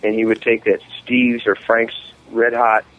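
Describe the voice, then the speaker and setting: A man's voice: mid-range voice, measured pace. A man telling long, profane party stories in a casual chat among friends, acting out the other people's lines. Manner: profane, rambling anecdotes with animated quoted voices. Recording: muffled lo-fi recording with faint hiss.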